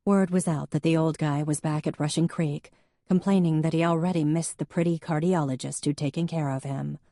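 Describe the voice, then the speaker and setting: A woman narrating an audiobook in an even, measured storytelling manner. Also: low-pitched, no room sound, clean studio sound. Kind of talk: scripted narration.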